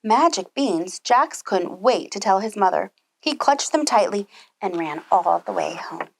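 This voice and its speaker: A woman teacher reading a storybook aloud to young children, animated, with gasps and asides. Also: medium pitch, measured pace, vocal fry. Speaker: preschool teacher.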